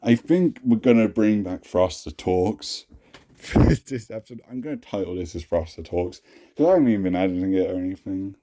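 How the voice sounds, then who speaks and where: A man's voice: sits low, expressive, moderate pace, mellow. A young adult man hosting a casual talk, cringing at his own old writing, swearing often and laughing at himself. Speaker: host.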